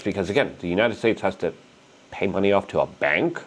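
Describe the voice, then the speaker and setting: Man, host, very low voice, swooping lively delivery, indignant commentary. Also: fast. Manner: animated, indignant, emphatic. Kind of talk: political commentary.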